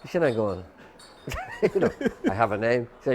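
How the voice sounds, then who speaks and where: A man's voice: medium pitch, huge pitch swings, moderate pace, a little hiss or hum. An Irish man, a guest musician, telling a long rambling anecdote, quoting people's lines and filling with "you know".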